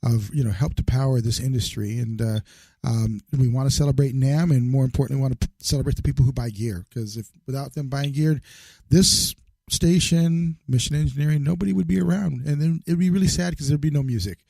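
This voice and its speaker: Male show host, rambling and jokey, gravelly mellow tone, dry close recording. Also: medium pitch, fairly quick, no echo. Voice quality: chatty, rambling, laughs often. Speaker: podcast host. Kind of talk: casual interview chat.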